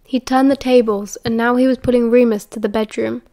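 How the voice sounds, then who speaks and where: A woman with a British accent narrates an audiobook in a steady, measured way. Her voice sits a little high, and the recording is close and dry. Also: dry recording. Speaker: audiobook reader.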